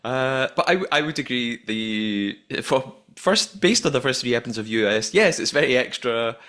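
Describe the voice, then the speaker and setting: Guy hosting a podcast, chatty, lively voice, laughs a lot. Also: medium pitch, normal speed. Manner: animated, laughs often, many restarts. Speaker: podcast host. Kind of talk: casual podcast chat.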